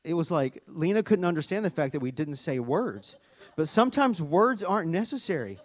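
A man preaching a sermon in a church, earnest and halting, with fillers and restarts. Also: fairly high pitch, very animated. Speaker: pastor.

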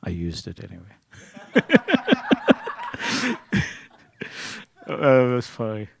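This man's sermon is conversational and full of jokes, though his medium-pitched, creaky voice moves extremely slowly. He shifts back and forth between loud, excited moments and quiet, hushed ones.

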